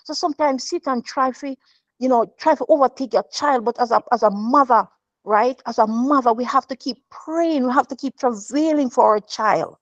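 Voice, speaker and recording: A woman's voice: high-pitched, normal speed, dry recording. Woman, earnest devotional testimony, stammering restarts, dull dry lo-fi recording. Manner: earnest, repetitive, emotional, with many restarts. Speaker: mother sharing a testimony.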